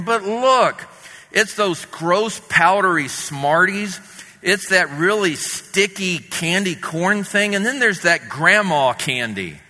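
Man doing a whiny little kid, high and pouty, in a reverberant hall. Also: sharp tone, exaggerated voice. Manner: whiny, complaining. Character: whiny disappointed young boy trick-or-treater.

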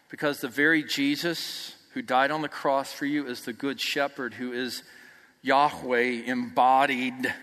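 Preacher man in an echoing hall. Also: mid-range voice. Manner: emphatic, rising to near shouts then dropping soft. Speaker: pastor. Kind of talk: sermon. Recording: long reverb of a large hall.

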